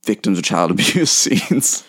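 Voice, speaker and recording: A man's voice: lowish voice, big pitch swings, a little slow, a bit bright, breathy edge. A man co-hosting a podcast, rambling and joking his way through a casual film discussion. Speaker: podcast co-host.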